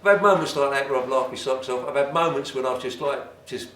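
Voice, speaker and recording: An older man spins stories loudly in a casual chat and laughs easily. He sits a little back from the mic in an echoey shop, with a faint hiss under his voice. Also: mid-range voice, a little fast, recorded from a distance. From England. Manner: storytelling, loud, laughs easily. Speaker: drum shop owner.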